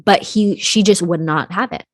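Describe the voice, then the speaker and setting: Young woman podcast host, lowish voice, casual true crime narration, swears, mutters off at the ends of thoughts, dry close mic. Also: normal speed, dry recording.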